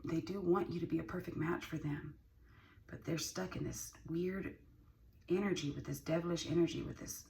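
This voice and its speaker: A woman's voice: fairly low pitch, steady tone, normal speed, gravelly, darkish tone. A woman giving a casual tarot reading, who is emphatic, repeats lines and swears freely. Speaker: tarot reader. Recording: distant mic with ambient noise.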